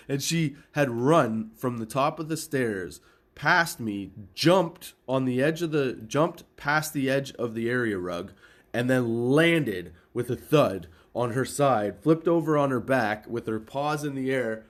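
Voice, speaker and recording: Swearing, animated middle-aged man telling stories. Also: mid-range voice, slow pace. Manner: profane, animated, laughs at own stories. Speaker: podcast host. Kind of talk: casual comedic storytelling.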